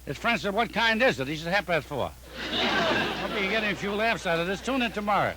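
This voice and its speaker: A comedian telling rapid-fire deadpan jokes on a telephone joke line. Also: male voice, sits high. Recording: noisy archival recording with clicks.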